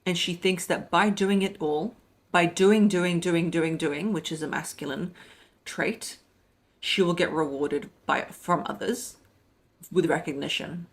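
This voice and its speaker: A young adult woman, heavily pregnant, giving relationship coaching in a lively monologue and acting out the lines she quotes. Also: measured pace. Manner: animated, acts out quoted voices with pitch jumps.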